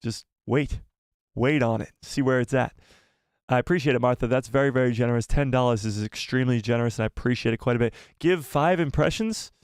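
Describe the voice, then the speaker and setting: A man hosting a live stream, chatting casually and excitedly with his viewers and jumping between topics. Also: mid-range voice, brisk, clear, resonant tone, no room sound, clean studio sound.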